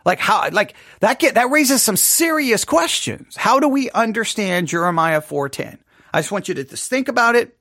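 A man's voice: high voice, expressive, normal speed, pushed and bright, no room sound, clean studio sound. A man teaching a Bible study class, thinking aloud and asking many rhetorical questions.

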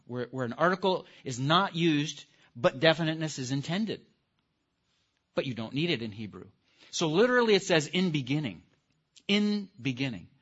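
A man teaching a live class in a lively lecture, putting questions to the audience and stressing key words. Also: a little high. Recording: dull lo-fi recording.

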